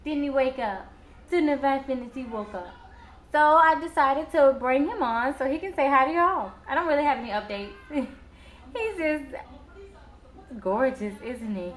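A woman's voice: sits high, lively intonation, normal speed. A young woman vlogging at home, cooing baby talk to her infant son and chatting to her viewers. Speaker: vlogger and new mother. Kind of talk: casual home vlog. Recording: roomy echo, faint background noise.

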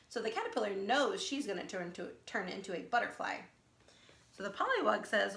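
Animated woman teacher reading a storybook. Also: mid-range voice, brisk, creaky. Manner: animated, asks listeners questions. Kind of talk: children's read-aloud. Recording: echoey room.

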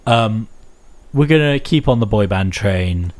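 A man with a fairly low voice hosts a loose, chatty radio show. He teases his co-hosts and rambles through his links in an easygoing way. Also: expressive, a little slow. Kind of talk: casual studio chat.

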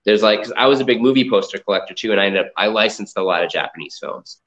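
Talking fast in a fairly low, fairly bright voice, a Boston-area comic art collector and entrepreneur winds through stories as an interview guest, filling them with "like" and "you know." The chat is casual, and the recording is dull and lo-fi, as if it came over a video call.

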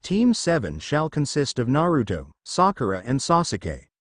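A man's voice: medium pitch, wildly swooping pitch, normal speed, a bit bright, no echo, studio quality. A man voicing a strict, snappish adult male academy teacher in a read-aloud fan story. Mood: stern.

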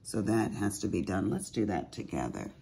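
A woman with a raspy, deep voice chatting casually to viewers at home while she does diamond painting, full of asides. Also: big pitch swings, normal speed, dark tone, slight background noise. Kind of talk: casual chat while crafting.

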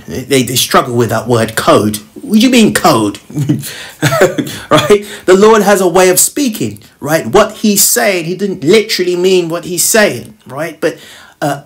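A Bible study teacher reading verses aloud and explaining them in plain, informal talk, often ending phrases with "right?" and chuckling now and then. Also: mid-range voice. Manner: ends many phrases with a questioning "right?"; chuckles lightly while explaining.

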